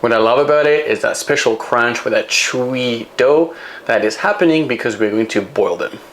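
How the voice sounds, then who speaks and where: A man's voice: mid-range voice, moderate pace, a bit bright, a little hiss or hum. A man with a French accent, a chef hosting his own cooking tutorial, chatty and playful as he explains each step. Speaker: chef and cooking show host.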